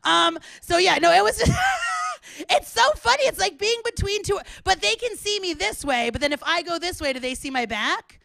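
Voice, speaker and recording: A woman in her thirties hosting a live club show, loud and excitable, often laughing and chatting with the crowd. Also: extremely high pitch, moderate pace, creaky, dry recording. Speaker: comedian host. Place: small club, indoors.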